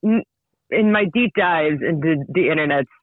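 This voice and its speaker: High-voiced man on a dull dry mic. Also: no echo. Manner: halting, searching for words. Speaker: podcast co-host. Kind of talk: casual chat.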